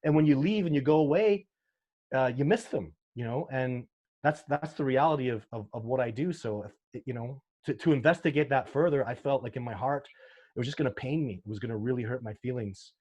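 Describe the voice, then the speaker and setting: This is a Canadian man with a brisk, mid-range, darkish voice, interviewed casually about researching sasquatch. He relates his stories earnestly and emotionally, frequently starting his sentences over.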